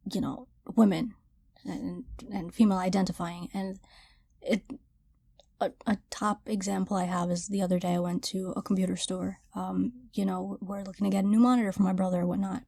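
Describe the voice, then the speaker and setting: A woman's voice: mid-range voice, level tone, brisk, vocal fry, dark tone, dry recording. A young woman co-hosting a podcast, talking casually and thoughtfully, with a few stammered restarts. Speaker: podcast co-host. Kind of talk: casual chat.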